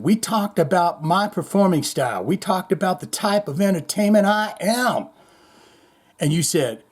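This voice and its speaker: A man hosting a heavy metal news show in a rambling, slangy, offhand way, his voice sitting somewhat high. He strings thoughts together casually and slips into quick impressions of the people he quotes. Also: a little mellow. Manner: rambling, loose, slangy, mimics others in higher voice. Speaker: podcast host.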